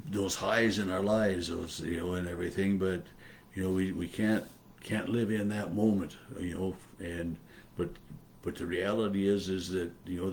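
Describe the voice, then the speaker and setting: Deep-voiced pastor musing through scripture. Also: male voice, darkish tone, slight background noise. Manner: halting, many fillers and restarts; thoughtful, musing aloud. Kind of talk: unscripted daily devotional Bible talk.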